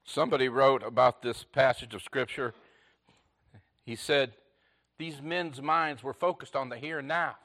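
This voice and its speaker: A man preaching a sermon in short, repeated phrases, rising to loud emphasis and dropping to a hush. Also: mid-range voice, fairly even intonation, measured pace. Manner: swings between loud emphatic lines and hushed near-whispers. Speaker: pastor.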